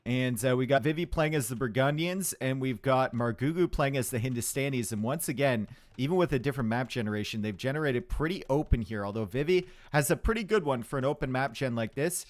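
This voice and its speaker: A man's voice: medium pitch, expressive, brisk, hardly any pauses, no room sound. A man giving casual live commentary on a strategy game, chatty and joking with his viewers from a home streaming setup. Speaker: esports caster.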